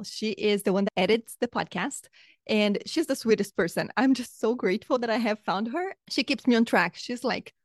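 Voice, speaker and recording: Woman, life coach podcast host, chatty and effusive, slightly sore throat, fairly high voice, dry close sound. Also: dry recording. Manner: effusive and upbeat, chatty with frequent asides. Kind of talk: casual podcast monologue.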